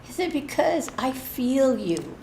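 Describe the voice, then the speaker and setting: Gravelly-voiced woman telling a church story. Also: high-pitched, slow, slight background noise. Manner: lively, self-mocking storytelling with laughs. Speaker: church speaker. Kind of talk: personal story shared at a church service. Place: church hall.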